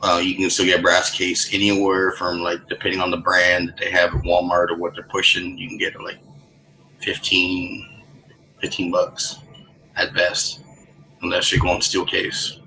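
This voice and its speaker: Deep-voiced man rambling in voice chat. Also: completely flat delivery, measured pace, creaky, bright, forceful tone, a little hiss or hum, rough recording. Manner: rambling, storytelling, many restarts. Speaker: voice chat participant. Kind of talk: casual online voice chat.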